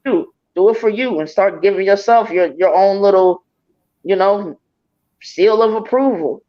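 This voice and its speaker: A woman's voice: mid-range voice, measured pace, lo-fi sound. A woman giving a live psychic reading over a video call, earnest and encouraging as she speaks straight to the sitter. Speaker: psychic medium.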